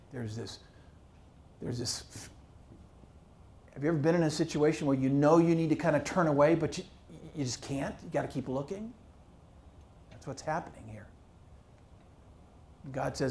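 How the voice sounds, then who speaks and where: A male pastor preaching a sermon, animated and full of rhetorical questions to his congregation. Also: mid-range voice. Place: church.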